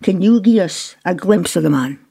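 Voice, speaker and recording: High-voiced radio host. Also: male voice, expressive, gravelly, dark tone, husky. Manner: asks questions, brisk. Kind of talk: interviewing.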